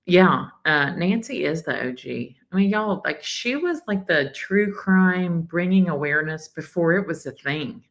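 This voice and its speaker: Hosting a live stream, a woman with a Southern accent chats casually while reacting to a clip, offering true-crime commentary. Her voice is lowish and a little slow, with hardly any pauses, and the recording quality is low.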